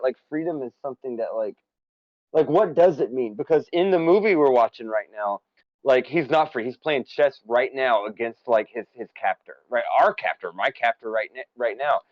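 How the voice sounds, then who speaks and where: A man's voice: medium pitch, brisk, no echo, dull audio. Rambling American man on a dry mic. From United States. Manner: rambling, filler-heavy, enthusiastic. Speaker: podcast co-host and essay author. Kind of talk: casual stream chat.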